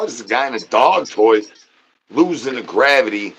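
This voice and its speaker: A man streaming live, riffing through silly rhymes and repeated catchphrases, and he keeps jumping from quick mumbled chants into high squeaky yelps. his pitch sits right in the middle for a guy. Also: expressive, slight background noise. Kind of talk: rambling live-stream chat.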